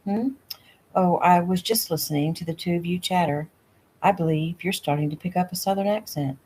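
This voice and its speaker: A woman's voice: lowish voice, moderate pace, a little mellow, husky, low-quality recording. A woman reading the lines of an easygoing, teasing young rancher man, in a casual audiobook reading at home. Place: home room.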